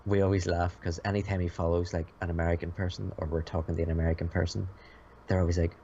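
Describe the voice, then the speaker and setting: An Irish man chats easily as a podcast guest, chuckling through his stories. His voice is very deep and gravelly. It comes through slightly muffled, with a faint hiss behind it. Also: level tone, fast, warm tone. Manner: easygoing, chuckling storyteller. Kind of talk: casual chat.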